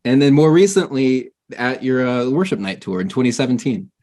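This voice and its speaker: A man's voice: medium pitch, lively intonation, moderate pace, mellow. A man hosting a casual interview, asking friendly questions and chiming in with short agreements. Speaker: interview host.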